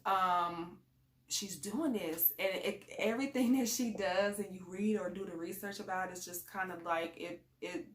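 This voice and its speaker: A woman's voice: on the low side, measured pace, fairly bright tone. A woman talking casually in a rambling, conversational way, giving parenting advice in a vlog. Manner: chatty and conversational, rambling with fillers. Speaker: parent sharing advice on a channel. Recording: echoey room.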